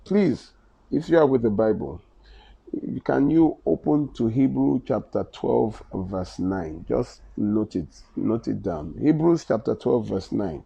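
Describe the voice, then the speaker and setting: A Nigerian-accented man preaching, his voice gravelly and dark in tone. He reads scripture aloud and drives his points home with rising, impassioned stresses. The recording is dull and lo-fi. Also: medium pitch, lively intonation, takes it slowly. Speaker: Bible teacher. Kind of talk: sermon-style teaching.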